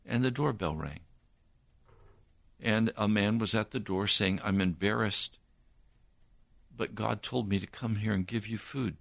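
An older man recounts a personal testimony with slow, deliberate earnestness. His voice sits somewhat low, and the sound is close and dry. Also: creaky, dry recording. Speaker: preacher.

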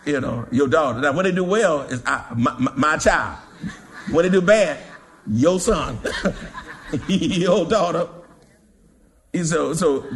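Preacher guy, high voice swinging all over, gets loud and dramatic reading scripture. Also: sing-song, a little slow, pauses often. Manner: preaching with rising shouts and dramatic emphasis. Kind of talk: sermon.

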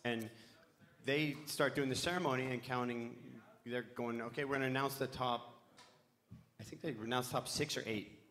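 A man's voice: medium pitch, fairly even intonation, moderate pace, fairly bright tone. A middle-aged man on a live panel telling a long, rambling story, swearing freely and losing his thread.

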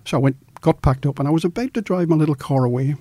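A middle-aged male journalist from Australia telling a story in an interview, lively and acting out the quoted dialogue. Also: on the high side, quick pace, dry recording.

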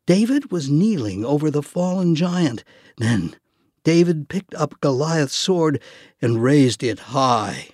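A man narrates a children's storybook at an unhurried pace. His pitch sits slightly high and moves expressively, recorded dry and close. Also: big pitch swings, a little mellow, dry recording. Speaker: audiobook narrator. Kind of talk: children's audiobook reading.

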